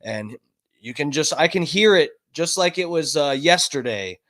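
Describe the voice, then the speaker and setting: A man chatting on his livestream in a home studio, loose and profane, often mocking himself. His voice sits a little on the high side, and he now and then breaks into coughs from smoking. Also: animated, moderate pace, a bit bright. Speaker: streamer host. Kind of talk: casual livestream chat.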